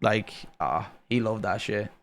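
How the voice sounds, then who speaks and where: This Irish man co-hosts a casual gaming stream in a relaxed, everyday voice. He swears freely and bursts out loudly when something surprises him. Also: fairly low pitch, unhurried, a little hiss or hum. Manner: swears freely, loud excited outbursts. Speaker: streamer and co-host.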